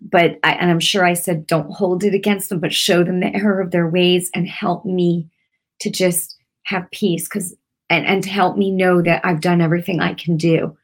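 A woman's voice: on the low side, fairly even intonation, moderate pace. A middle-aged woman teaching prayer in an earnest, conversational way, repeating herself and using many fillers. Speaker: Christian teacher. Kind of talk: informal devotional teaching.

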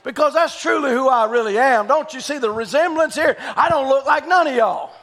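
Male preacher doing a stubborn young eagle: high, gravelly, shouting. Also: fairly quick. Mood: defiant. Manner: shouting, insistent. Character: young male eagle raised among chickens, determined.

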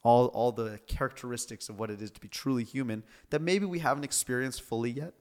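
A man's voice: medium pitch, fast talker, darkish tone. A man, a pastor hosting a church podcast, speaking in an earnest, preacherly way. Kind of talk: reflective podcast conversation.

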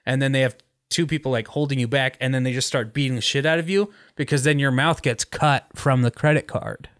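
A man's voice: mid-range voice, fairly even intonation, brisk, fairly bright tone, no echo, clean studio sound. A man hosting a podcast, telling a rambling story in casual chat with lots of fillers. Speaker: podcast host.

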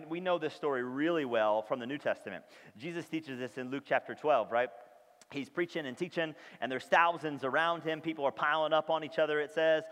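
A man preaching a sermon to his congregation in a church, speaking emphatically and often checking in with them. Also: fairly high pitch. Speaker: pastor. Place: church sanctuary. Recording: long reverb of a large hall.

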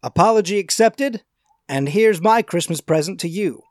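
A man voicing a cryptic, teasing gentleman ghost in a tabletop game, speaking in a smooth, riddling manner. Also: high voice, animated, moderate pace, no room sound. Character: ghostly old-movie gentleman spirit, cryptic.

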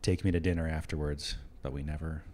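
A man in casual chat, talking in a halting, hesitant way with many restarts. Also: very deep voice, steady tone, a little mellow, slight background noise.

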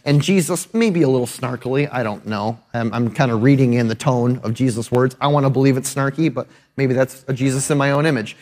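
A man's voice: mid-range voice, fairly quick, few pauses, a little mellow. A male pastor preaching a sermon in a conversational, emphatic way, often checking in with his listeners. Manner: conversational and emphatic, often adding tag questions.

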